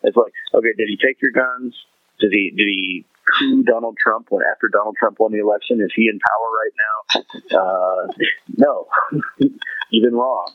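A man's voice: fairly low pitch, normal speed, no room sound. A man in casual political podcast chat, exasperated and sarcastic, swearing freely. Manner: exasperated, sarcastic, profane, mocking voices. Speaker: podcast co-host. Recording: tinny phone-like line.

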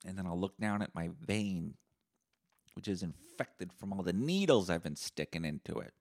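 A man hosting a solo podcast, rambling in crude deadpan humor. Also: sits low, moderate pace. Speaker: podcast host.

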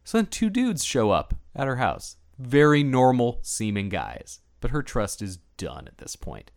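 A man co-hosting a casual film discussion, animated and often restarting his sentences, sometimes acting out characters' lines in a playful higher voice. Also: measured pace, no echo, clean studio sound. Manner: animated, acts out characters' lines with playful high-pitched impressions. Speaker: podcast co-host.

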